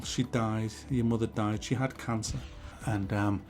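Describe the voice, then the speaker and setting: A man's voice: on the low side, steady tone, a little slow, a little mellow, faint music behind. A man in his forties giving a mock-serious, sarcastic and sweary game review.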